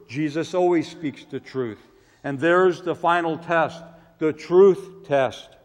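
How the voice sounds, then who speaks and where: Dramatic preacher with hall reverb. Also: male voice, on the high side, slow. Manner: dramatic swings from loud pleading to hushed asides. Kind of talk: sermon.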